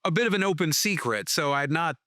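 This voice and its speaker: A middle-aged filmmaker guest on a podcast, talking enthusiastically with lots of fillers. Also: male voice, a little high, lively intonation, quick pace, bright, forceful tone, no room sound, clean studio sound. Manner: enthusiastic, filler-heavy talker. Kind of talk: casual conversation.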